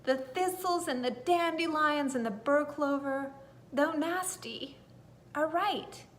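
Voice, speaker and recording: A woman's voice: high voice, slow. A woman voicing a young garden flower girl who speaks earnestly and pleads her case in a storybook reading.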